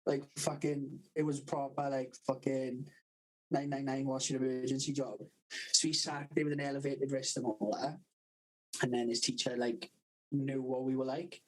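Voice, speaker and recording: A man's voice: medium pitch, level tone, normal speed, rough recording. A young Welsh man with a Valleys accent, swearing constantly and laughing through his stories in casual podcast chat. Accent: South Wales Valleys. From Wales. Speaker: podcast co-host.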